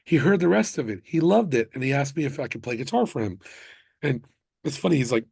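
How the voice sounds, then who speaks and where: A man with a gravelly, slightly husky voice chats about his music career, swinging into excited, animated storytelling. His voice sits close and dry on the mic, with no room sound around it. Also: medium pitch, fairly quick, no echo. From United States (Miami). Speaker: musician guest. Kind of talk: casual interview chat.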